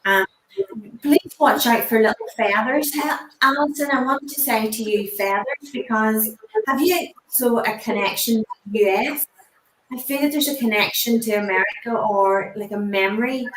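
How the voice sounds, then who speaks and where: A woman working as a psychic medium, giving a spiritual reading on a chat show in a halting way, often pausing on "um" and "I want to say". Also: on the high side, a bit bright, reverberant, slight background noise, rough recording.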